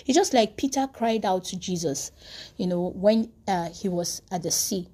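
Warm husky woman preaching. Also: mid-range voice, expressive, moderate pace. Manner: earnest storytelling with frequent restarts. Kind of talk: devotional podcast sermon.

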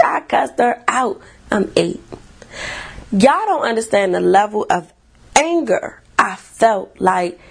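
Woman, therapist-podcaster, gravelly edge, blunt profane storyteller. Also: a little high, a little mellow. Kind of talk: storytelling monologue.

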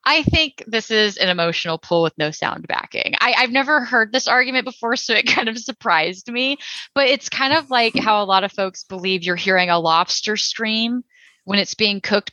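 Chatty woman with a bright, dry voice. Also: medium pitch, dry recording, dull audio. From Texas. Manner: chatty, many "like"s and "you know"s, jokey asides. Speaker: podcast co-host. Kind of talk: casual podcast discussion.

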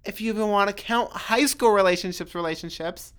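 A woman's voice: mid-range voice, brisk, smooth. A young woman talking casually on her solo podcast, rambling and swearing freely, full of "like" and restarts. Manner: chatty, swears freely, self-interrupting with lots of "like". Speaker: podcast host.

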